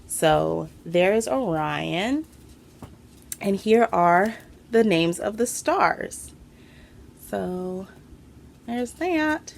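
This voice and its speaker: A woman's voice: fairly low pitch, extremely slow, vocal fry, pauses often, slight background noise. Chatty, breathless woman podcaster. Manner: chatty and excitable, with fillers. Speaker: podcast host. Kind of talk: casual chat to camera. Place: home room.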